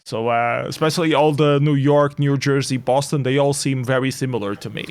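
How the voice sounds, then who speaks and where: A man hosting a casual interview over a video call, relaxed and joking, often chuckling. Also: mid-range voice, brisk. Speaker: interviewer, channel host.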